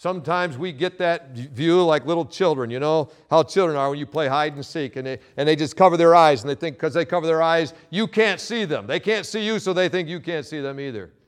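A male pastor preaching a sermon, reading scripture and swinging between loud emphatic quotes and quiet asides. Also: fairly high pitch, fairly quick, few pauses.

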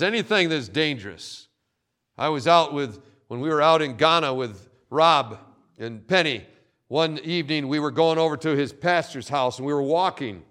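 A man preaching a sermon, telling stories in an animated way, often repeating words. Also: on the high side. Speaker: pastor.

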